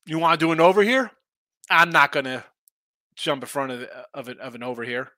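A man's voice: a little high, lively intonation, a little fast, pushed and bright, no room sound. A man hosting a sports betting show, talking casually and rambling through opinionated takes full of rhetorical questions.

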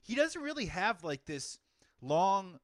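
A man's voice: high voice, sing-song, takes it slowly, a bit bright, dry recording. A man hosting a casual film podcast, chatting with enthusiasm and rambling asides. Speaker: podcast host.

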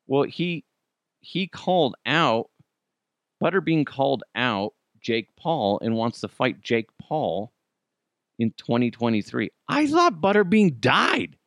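A man's voice: mid-range voice, very animated, takes it slowly, fairly bright tone, no room sound, clean studio sound. A man hosting a podcast, ranting casually and profanely about the news and laughing at his own jokes. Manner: ranting, swears a lot, laughs. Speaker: podcast host.

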